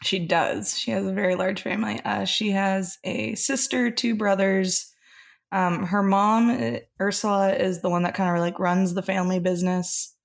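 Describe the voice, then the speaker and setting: Easygoing woman pitching her game character. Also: fairly even intonation, moderate pace, creaky. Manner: easygoing, a little giggly. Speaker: tabletop game player. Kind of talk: casual chat describing a character.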